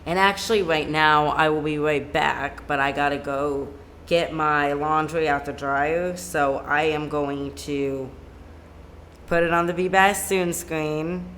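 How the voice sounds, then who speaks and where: A musician talks through a live stream at home in an unhurried, drawn-out way, wandering from point to point and padding thoughts with "like." The voice sits at an ordinary middle pitch, with a faint hiss of room noise behind it. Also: fairly even intonation, fairly bright tone. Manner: rambling, leans on "like" fillers. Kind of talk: casual live-stream chat. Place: home room with a plain white backdrop.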